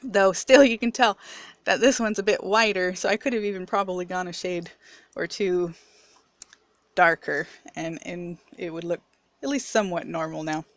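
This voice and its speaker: A woman's voice: lowish voice, steady tone, normal speed, dry recording. Candid chatty woman with a mixed accent. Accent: mixed picked-up accent. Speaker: video reviewer. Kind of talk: casual personal vlog.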